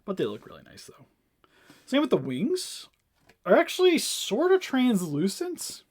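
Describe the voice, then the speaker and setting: Lively high-voiced man reviewing toys. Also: unhurried, breathy edge. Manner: enthusiastic, rambling with fillers and laughs. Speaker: co-host reviewing toy figures. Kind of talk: casual review chat.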